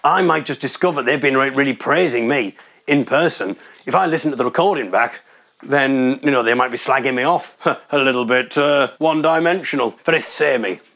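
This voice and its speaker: Comedian guy rambling thru a story, dry and self-mocking, mid pitch. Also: a little fast, a bit bright. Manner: rambling, wry, self-deprecating. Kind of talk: comic storytelling monologue.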